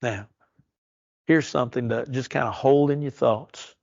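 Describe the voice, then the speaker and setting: Gravelly man teaching Bible study. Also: mid-range voice, a little mellow, dry recording, lo-fi sound. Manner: earnest, reads verses slowly and emphatically. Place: church.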